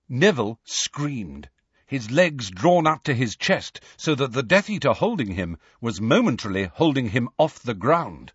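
A man narrating an audiobook in measured, expressive storytelling. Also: medium pitch, slightly rough, no room sound, dull audio.

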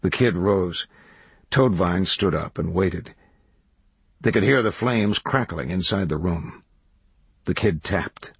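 A man reading a novel aloud as audiobook narrator, in measured, even storytelling. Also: sits low, husky, dry recording. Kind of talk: scripted narration.

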